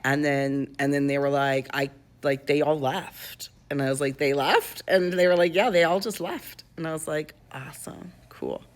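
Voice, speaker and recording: A woman's voice: low-pitched, fairly even intonation, moderate pace, hardly any pauses. A woman in her twenties telling a personal story in a casual, rambling way, with lots of fillers and restarts.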